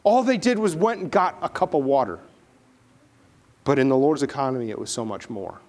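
A man's voice: medium pitch, a little fast. A man preaching a sermon, dramatically retelling a Bible story and acting out the characters as he goes. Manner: animated, dramatic retelling with acted voices.

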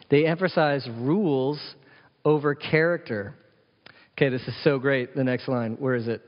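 A man's voice: mid-range voice, moderate pace. A man preaching in a church hall, his voice carrying with a long echo. The sound is dull and lo-fi. He presses his points with rhetorical questions and slips in jokey asides. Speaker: pastor. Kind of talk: sermon.

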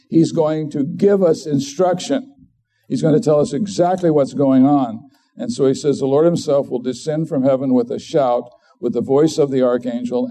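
A man's voice: medium pitch, warm tone. A middle-aged man preaching a sermon as a pastor, earnest and conversational, often restarting his sentences.

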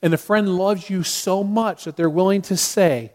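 A man's voice: high-pitched, moderate pace, few pauses, darkish tone. A middle-aged man preaching a sermon as a pastor, earnest, with sudden acted outbursts.

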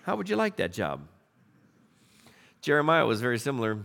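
Animated man preaching a sermon. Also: mid-range voice, fairly quick, vocal fry. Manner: animated storytelling, acting out biblical voices. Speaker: pastor.

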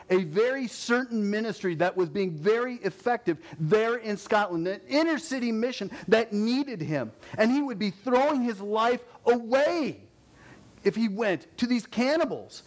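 A man preaching a sermon, animated, his voice climbing with intensity and dropping low to close points.

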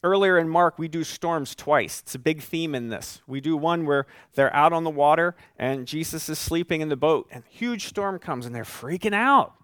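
A male pastor preaching a sermon, moving from calm teaching to loud, rising emphasis and reading scripture with slow, weighted endings. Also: fairly high pitch, clear, resonant tone, dry recording, clean studio sound.

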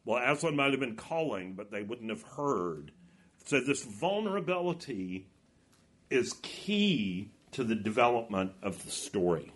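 A man's voice: mid-range voice, big pitch swings, a little slow. A man leading a Bible study, reading a novel aloud and reflecting on it. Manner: reflective, reads passages then comments.

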